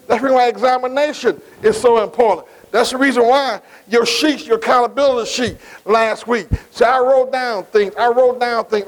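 High-voiced man preaching with call-and-response. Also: poor audio. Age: middle-aged. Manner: call-and-response, asks the congregation questions; Black church preaching cadence, repeats phrases. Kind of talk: sermon.

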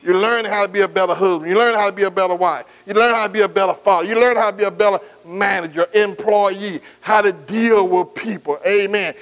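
A man's voice: sits high, fairly bright tone, poor audio. A man. He keeps calling out to the congregation for an answer. He stretches out each scripture quote and mixes in folksy asides. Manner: call-and-response preaching, drawn-out scripture quotes, folksy asides. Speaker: pastor. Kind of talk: sermon.

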